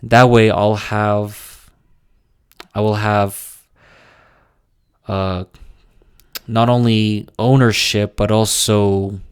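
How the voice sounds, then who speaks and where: A man's voice: on the low side, level tone, smooth, no echo, clean studio sound. A young man casually talking through updates on his small businesses, hesitant and full of restarts. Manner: slow, halting delivery with frequent restarts and fillers. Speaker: small business owner vlogging.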